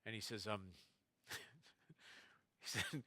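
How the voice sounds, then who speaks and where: A man telling family anecdotes to a festival audience, quoting relatives in quick asides. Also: on the low side, sharp tone, no room sound. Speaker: novelist speaking at a festival. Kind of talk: storytelling talk to an audience. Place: festival stage before a live audience.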